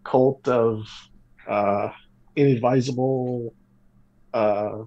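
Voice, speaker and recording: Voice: medium pitch, fairly even intonation, very slow, lo-fi sound. A player in a tabletop game, talking hesitantly with many fillers. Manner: hesitant, filler-heavy questions. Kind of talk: casual tabletop play.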